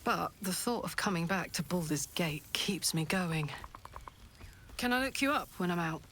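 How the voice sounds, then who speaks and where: A woman's voice: lowish voice, animated, moderate pace, a little hiss or hum. Karlach, a brash warrior woman. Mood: fond, excited. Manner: loud, blunt, laughs easily, swears. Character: boisterous, swearing, affectionate tiefling warrior woman. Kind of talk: video game voice acting.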